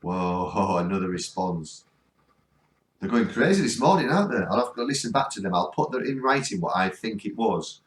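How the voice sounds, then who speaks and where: A man's voice: fairly low pitch, expressive, normal speed, reverberant. A man with a northern English accent hosting a ghost hunt, earnestly coaxing spirits to speak during a spirit box session. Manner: coaxing, earnest, keeps pleading for replies. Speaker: ghost hunting vlogger. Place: cold spot on a ghost hunt.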